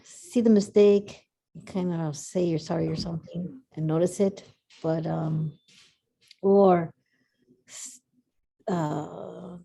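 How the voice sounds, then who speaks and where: A woman with a very dark, mellow voice and a slightly low pitch talks casually in an online workshop. She rambles and halts, filling her pauses with fillers. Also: fairly even intonation, vocal fry. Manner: rambling, halting, with many fillers. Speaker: workshop participant. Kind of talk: casual sharing.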